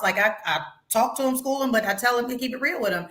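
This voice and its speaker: A woman's voice: fairly high pitch, fairly quick, pushed and bright, roomy sound. A woman hosting a casual talk show, outspoken, swearing freely and laughing often. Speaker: podcast host. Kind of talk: casual chat.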